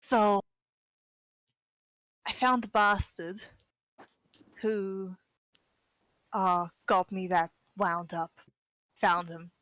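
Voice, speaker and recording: A woman voicing a sneaky young man hiding in a tree, speaking in hesitant, halting bits. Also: mid-range voice, steady tone, a bit bright, no room sound, rough recording. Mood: confiding.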